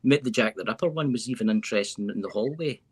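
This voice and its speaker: A man's voice: mid-range voice, fast, slightly rough. A man hosting a casual interview, eager and repeating himself for emphasis as he urges viewers on. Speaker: host.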